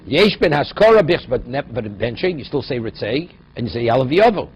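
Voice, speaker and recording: A man's voice: medium pitch, big pitch swings, fairly quick, slightly rough. Man teaching Talmud. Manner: explains Aramaic phrases in English, asks "right?" often. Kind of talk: daily Talmud class. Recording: dull lo-fi recording with faint noise.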